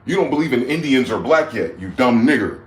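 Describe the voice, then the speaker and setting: A man in his forties hosting a livestream, ranting with heated outbursts that drop to low mutters. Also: very animated, brisk. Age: 40s. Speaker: livestream host. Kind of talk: profane rant. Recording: echoey room with faint background noise.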